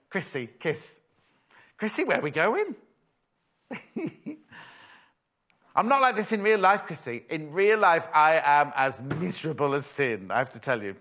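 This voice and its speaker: A man's voice: on the high side, very animated, normal speed, a bit bright. A man presenting a live sewing shopping show, chatty and playful as he reads out viewer messages. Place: TV studio.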